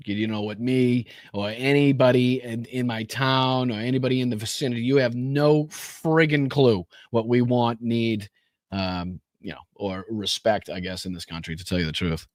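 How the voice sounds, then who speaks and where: A man's voice: medium pitch, fairly even intonation, moderate pace, no echo, studio quality. A man with a Boston accent hosting a live stream and reacting to news clips, sarcastic, blunt and profane. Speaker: live-stream commentary host.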